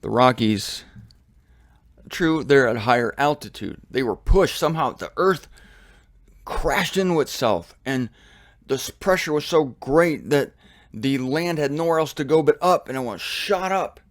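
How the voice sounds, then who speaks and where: An American man giving a casual, animated Bible study with humorous asides. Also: medium pitch, measured pace, dry recording, studio quality. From United States. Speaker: Bible teacher. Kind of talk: conversational Bible study teaching. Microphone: studio mic with headphones.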